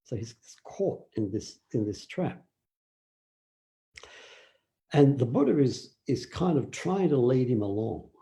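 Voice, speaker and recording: An older man giving a relaxed dharma talk, telling stories with fillers and acted quotes. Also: medium pitch, slow pace, long pauses. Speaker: meditation teacher.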